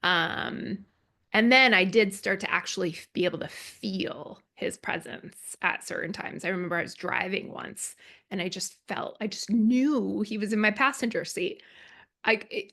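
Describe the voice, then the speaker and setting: A woman guest on a podcast, speaking in a soft, casual way with light laughs. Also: medium pitch, moderate pace, creaky. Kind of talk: casual conversation.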